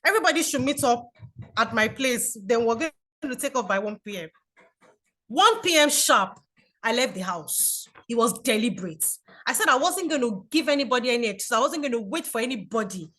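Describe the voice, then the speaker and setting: A Nigerian woman in her forties giving an online talk to a community group, chatty and animated, telling stories over a video call. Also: a little high, brisk. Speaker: guest speaker.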